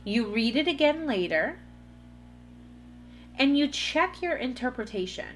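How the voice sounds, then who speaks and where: A woman's voice: high-pitched, very animated, a little slow, faint music behind. A woman hosting a solo podcast, talking earnestly in a coaching way straight to her listeners. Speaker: podcast host. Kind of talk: solo motivational podcast talk.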